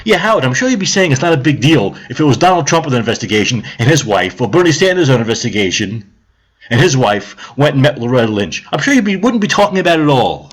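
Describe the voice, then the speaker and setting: A man's voice: medium pitch, sing-song, brisk, husky. A man ranting on a live stream about politics, heated, sarcastic and profane, repeating his points.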